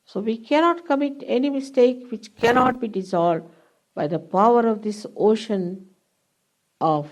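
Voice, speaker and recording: An older woman leading a guided meditation at a public program, giving slow, deliberate instructions with long pauses. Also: fairly high pitch, darkish tone, rough recording. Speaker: meditation teacher. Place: public hall.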